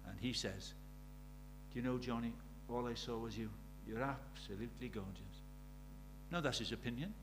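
A middle-aged man preaching a sermon. He drops to near-whispers and then rises to loud, urgent questions. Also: mid-range voice, moderate pace, over music. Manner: swings from hushed intimacy to loud urgent questions.

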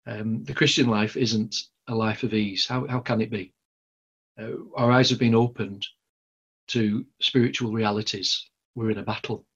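A man's voice: medium pitch, a bit bright, breathy edge, dull audio. A man with a Lancashire accent preaching a sermon in a conversational, rambling way, full of fillers and restarts. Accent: Lancashire English.

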